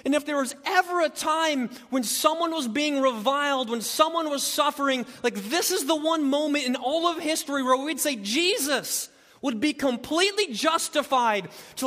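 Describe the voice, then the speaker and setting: A man with a high, bright voice preaches a sermon. He drops to slow, quiet stretches and then climbs into loud, urgent passages. The sound carries a long reverb, as in a large hall. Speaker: pastor.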